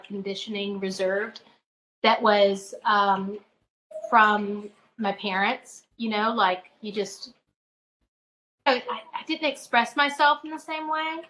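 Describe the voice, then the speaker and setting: A middle-aged woman shares a deeply personal story as an interview guest, earnest and halting, often starting a phrase over. Her voice sits fairly high, with a bright, sharp edge. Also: poor audio. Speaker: guest, spiritual advisor.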